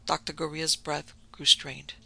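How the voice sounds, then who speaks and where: Man reading a horror audiobook, measured and dramatic, kinda high and crackly, faint music under it. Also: little pitch movement, gravelly, bright, forceful tone. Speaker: narrator.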